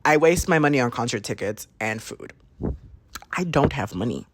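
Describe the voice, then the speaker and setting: A young adult man hosting a podcast, telling a story in a casual, slangy, animated way, swearing and jumping into high-pitched mimicry. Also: moderate pace, a little hiss or hum. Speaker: podcast host.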